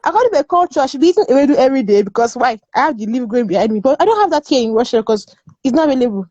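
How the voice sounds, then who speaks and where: A high-voiced woman argues her point in a casual discussion. She is emphatic and repeats herself, and she laughs often. Her tone is mellow and dry, and the recording sounds dull and muffled. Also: animated, rapid-fire, no room sound. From Nigeria. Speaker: guest panelist.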